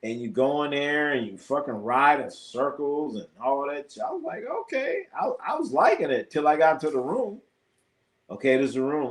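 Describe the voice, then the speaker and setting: Animated, profane man telling stories. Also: fairly high pitch, normal speed. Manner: animated, profane, laughs often, acts out quoted exchanges. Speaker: live sports show host. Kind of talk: casual live-stream chat, storytelling.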